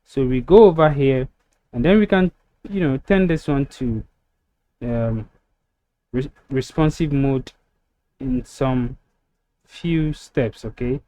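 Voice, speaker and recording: A man walking through a website-building tutorial step by step, relaxed and filler-heavy, recorded on a desktop mic over a screen recording. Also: mid-range voice, slight background noise. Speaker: web design tutor.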